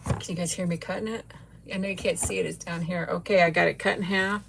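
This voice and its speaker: A woman's voice: fairly low pitch, fairly even intonation, fast, gravelly, a bit bright, slight background noise. Giggly middle-aged woman thanking live chat. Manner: gushing, thanks viewers by name, giggly. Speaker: livestream host. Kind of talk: casual live chat and food tasting.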